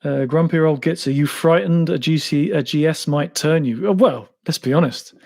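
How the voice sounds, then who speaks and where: An English man with a Cambridge-area accent talks through a live stream question-and-answer session. His voice sits a little high for a man, and his tone is loose and jokey. He swears casually and laughs at himself as he goes. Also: moderate pace, creaky, darkish tone. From England (Cambridge). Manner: chatty, self-mocking, swears casually. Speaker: motorcycle YouTuber answering live Q&A.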